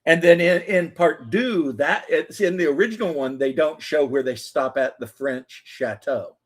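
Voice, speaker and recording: A man's voice: fairly high pitch, normal speed. A man hosting a casual chat, telling long rambling stories, acting out quotes and swearing freely. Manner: rambling storyteller, acts out quotes, swears, laughs. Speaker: host.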